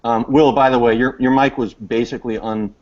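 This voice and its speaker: Man, mid-pitched voice, political panel, measured rebuttal, lo-fi audio. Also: fairly even intonation, a little mellow. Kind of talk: political discussion.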